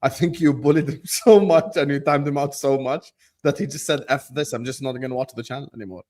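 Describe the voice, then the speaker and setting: A man hosting a casual football chat show, joking and teasing his panel between quick shout-outs. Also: mid-range voice, noisy background. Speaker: host.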